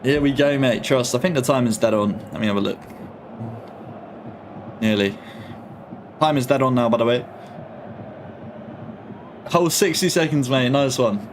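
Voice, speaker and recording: A man's voice: medium pitch, normal speed, long pauses, slight background noise. A young man chatting casually on a live football watch-along stream, full of slang and reading comments from his chat. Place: home. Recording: faint music behind.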